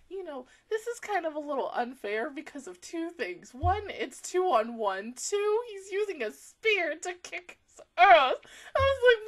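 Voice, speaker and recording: Lively high-voiced woman reacting. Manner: expressive, swings between laughing, near-crying and shouting. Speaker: anime reaction host. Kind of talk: emotional anime reaction commentary.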